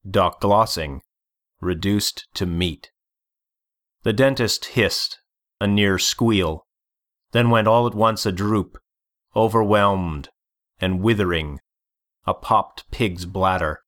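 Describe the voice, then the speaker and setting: Slow, low-voiced male storyteller. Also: a bit bright. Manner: slow, deliberate reading. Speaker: audiobook narrator. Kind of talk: scripted narration.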